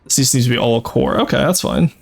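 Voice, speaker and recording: A male streamer talks his way through a strategy game at an ordinary middle pitch, musing aloud and explaining each move. He corrects himself mid-sentence and fills pauses with "uh", while soft music plays quietly underneath. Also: gravelly. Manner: thinking aloud, explaining tactics with frequent fillers. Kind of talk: casual live-stream commentary.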